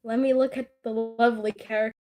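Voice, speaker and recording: A woman's voice: fairly high pitch, level tone, fast talker, mellow. A woman in casual chat with a friend, giggling often, teasing and swearing casually.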